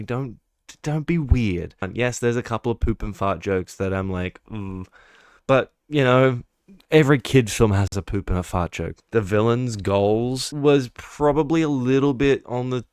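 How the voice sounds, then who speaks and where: A man's voice: on the low side, clear, resonant tone, no echo, clean studio sound. Ranting young man reviewing films. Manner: exasperated ranting with swearing and mocking asides. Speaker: film reviewer. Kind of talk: casual monthly movie review.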